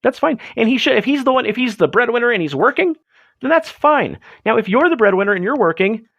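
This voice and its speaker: A man's voice: expressive, fast talker, gravelly, a bit bright, no echo, highs cut off. Jokey, self-mocking man streaming. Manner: rambling, self-mocking, jokey, swings his pitch up and down a lot. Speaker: livestream host. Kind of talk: late-night solo livestream chat reading chat messages.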